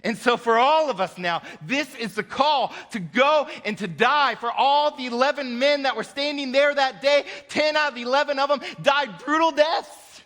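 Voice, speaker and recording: Emphatic high-voiced pastor in a reverberant hall. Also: male voice, normal speed, hardly any pauses, fairly bright tone. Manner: emphatic, rising and dropping sharply in pitch and volume; laughs lightly between points. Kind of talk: sermon. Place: church sanctuary.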